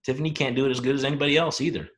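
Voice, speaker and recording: A man's voice: medium pitch, fairly even intonation, racing, fairly bright tone. Emphatic man leading a coach training. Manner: emphatic, asks the audience questions. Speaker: team leader hosting a coach training. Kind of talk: motivational training talk.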